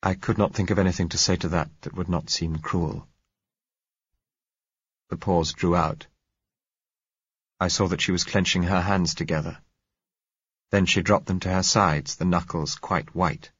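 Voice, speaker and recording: A young man reading a story aloud in a measured, grave audiobook narration. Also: deep voice, steady tone, fairly bright tone, slightly rough, no echo. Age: young adult. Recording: dull lo-fi dry recording.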